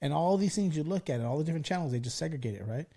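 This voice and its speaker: A man's voice: on the high side, expressive, very fast, creaky, dark tone. A man in his forties hosting a casual podcast, telling stories animatedly and swearing freely. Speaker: podcast host. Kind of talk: casual chat.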